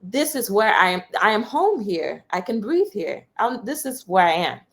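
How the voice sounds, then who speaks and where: A young woman from the United States, a journalist giving an interview, telling personal stories in a candid, animated way. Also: medium pitch, moderate pace. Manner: animated storyteller, quotes others with raised voice. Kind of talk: candid conversational storytelling.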